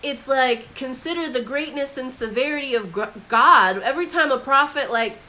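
A woman's voice: sits high, normal speed, bright, forceful tone, low-quality recording. A woman giving a casual Bible commentary, talking in a conversational way, filled with "like" and acted-out quotes. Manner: conversational, acts out quoted voices with frequent "like". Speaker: Bible teacher.

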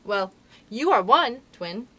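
Motherly little girl telling a bedtime tale, bouncy lively voice, a bit bossy, as a lady reader does her. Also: on the high side, slow pace, voice pushed up, exaggerated voice. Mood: storytelling. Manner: earnest, gently scolding. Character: motherly young girl storyteller.

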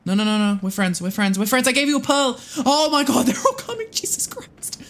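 A young adult streamer giving live game commentary, excitable and prone to swearing, rambling to viewers and to themselves. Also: high voice, fairly quick. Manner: rambling with frequent restarts and self-talk.

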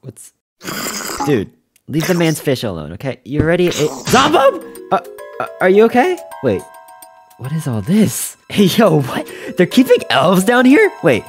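A man voicing his own cartoon character in excitable, quick reactions, full of surprised outbursts, over background music. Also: a little high. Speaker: host and animator of a game cartoon. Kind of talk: animated cartoon voice acting.

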